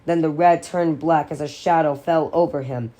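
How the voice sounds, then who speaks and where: Low-voiced woman reading a novel. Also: steady tone, normal speed, warm tone. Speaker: audiobook reader.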